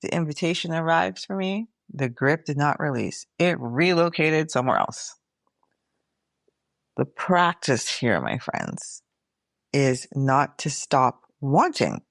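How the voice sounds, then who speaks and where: A woman's voice: deep voice, very animated, slow, gravelly, dry recording, studio quality. A middle-aged woman hosting her own podcast, talking candidly and casually, swearing freely and calling her listeners y'all. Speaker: podcast host. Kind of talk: casual reflective monologue.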